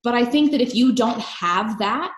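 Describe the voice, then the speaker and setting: A woman's voice: a little high, a little hiss or hum. Emphatic woman coaching in a roomy kitchen. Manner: energetic, emphatic, fast-talking. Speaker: network marketing coach. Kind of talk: motivational solo talk. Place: home kitchen.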